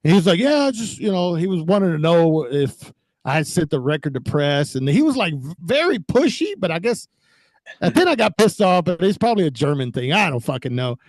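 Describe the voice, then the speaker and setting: A man from Texas, a guest on a video call, telling stories in a profane, animated way. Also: fairly high pitch, brisk, no echo. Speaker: guest, former record label owner. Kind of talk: casual chat on a video call.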